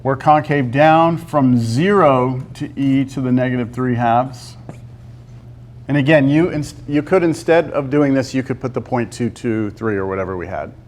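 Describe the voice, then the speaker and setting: A man teaching a calculus lesson to a class. He talks through a graph step by step and keeps pausing to ask the students whether they see it. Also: medium pitch. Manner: talks to the class, asks lots of check-in questions. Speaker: math teacher.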